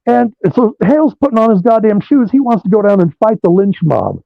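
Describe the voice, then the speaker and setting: A man, a rock guitarist being interviewed over a remote call, telling animated stories and swearing freely. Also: high voice, brisk, vocal fry, no room sound. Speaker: guitarist guest. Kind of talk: profane storytelling interview. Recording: dull lo-fi dry sound.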